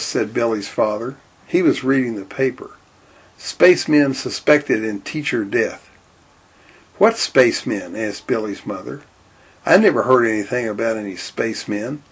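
A man's voice: medium pitch, moderate pace, husky. A man reading a children's story aloud, raising his voice for the characters' lines and dropping it for the narration. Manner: lifts voice for quoted lines, drops for narration.

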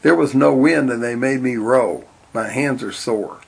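A man voicing a small, whiny boy in a storybook reading, a little higher than his usual voice. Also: unhurried, creaky, a little mellow, husky. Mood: plaintive.

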